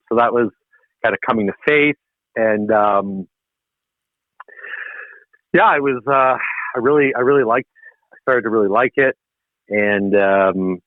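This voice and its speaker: A man's voice: medium pitch, dry recording. Man over a tinny call. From Canada (Ontario). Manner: animated, laughing, self-deprecating. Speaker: guest. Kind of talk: casual conversational storytelling. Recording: tinny dry phone line.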